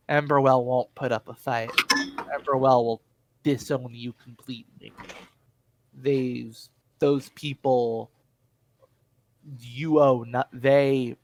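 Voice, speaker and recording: A man voicing a stern male inspector who questions a prisoner in a measured, threatening way. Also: mid-range voice, low-quality recording.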